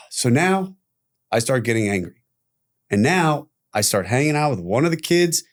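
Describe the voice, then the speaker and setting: A middle-aged man telling his own story as a podcast guest, candid and animated, swearing freely. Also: mid-range voice, measured pace.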